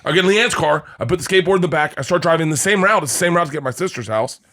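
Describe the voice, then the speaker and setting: A man's voice: a little high, racing, fairly bright tone. A middle-aged man co-hosting a podcast, telling a long casual story, cursing freely and laughing often. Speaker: podcast co-host. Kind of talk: casual chat.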